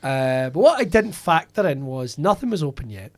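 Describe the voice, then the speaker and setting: A man's voice: fairly high pitch, sing-song, moderate pace, darkish tone, no room sound. Scottish man telling a sweary story. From Scotland. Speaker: comedian guest. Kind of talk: casual podcast anecdote.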